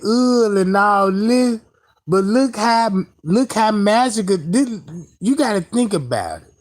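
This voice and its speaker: A man giving heated, profane reaction commentary in slang, addressing his viewers directly. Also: high voice. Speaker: online commentator.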